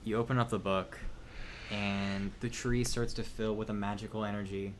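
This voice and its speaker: Calm low-voiced man running a tabletop game. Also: normal speed, slight background noise. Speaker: game master.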